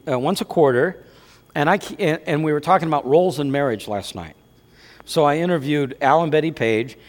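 A man preaching a sermon as pastor of his church, talking in a lively, conversational way full of rhetorical questions. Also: a little high. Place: church sanctuary. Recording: long hall reverb.

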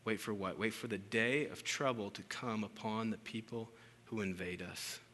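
Animated male preacher in a reverberant hall. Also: moderate pace, a little hiss or hum. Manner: conversational and animated, swinging from loud emphasis to hushed lows. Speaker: pastor. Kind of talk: sermon. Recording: hall reverb with faint room ambience.

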